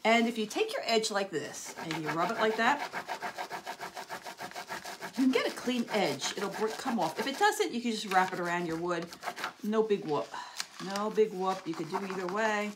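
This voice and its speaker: A woman's voice: mid-range voice, lively intonation, normal speed, noisy background. A woman hosting a live crafting demonstration, chatting casually with viewers while she works. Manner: chatty, friendly, talks while working. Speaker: craft channel host.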